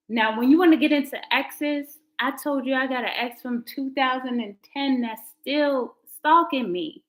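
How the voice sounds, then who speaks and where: A woman's voice: high-pitched, moderate pace, few pauses, fairly bright tone, rough recording. A woman, hosting a casual live tarot stream and chatting and laughing with her viewers. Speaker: livestream host, tarot reader.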